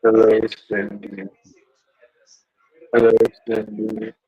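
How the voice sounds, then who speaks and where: A man's voice: on the low side, monotone, slow pace, slightly rough, no echo, pitched below the performer's own voice, exaggerated voice. A man using a voice changer device to voice a menacing masked killer on a prank phone call, repeating a taunting greeting again and again.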